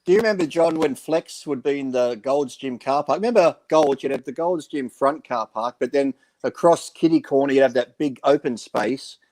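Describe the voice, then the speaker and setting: A man's voice: mid-range voice, moderate pace, hardly any pauses, a little mellow. A man telling rambling gym anecdotes in a casual radio talk show, acting out the quoted lines. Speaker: podcast panelist. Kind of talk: casual storytelling chat.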